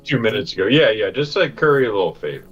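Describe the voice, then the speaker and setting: A man's voice: fairly low pitch, sing-song, quick pace, fairly bright tone. A man joking casually as a player at a tabletop game, with slightly dull audio and faint guitar music behind.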